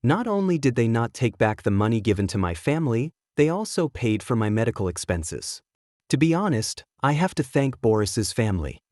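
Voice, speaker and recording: A man giving a steady, measured first-person narration of a scripted story. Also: medium pitch, no room sound, clean studio sound.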